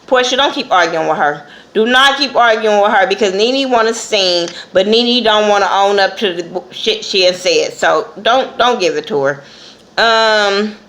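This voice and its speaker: A woman's voice: mid-range voice, normal speed, fairly bright tone. A woman reviewing a TV episode in a casual vlog, talking bluntly with lots of swearing. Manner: blunt and profane, acts out quotes.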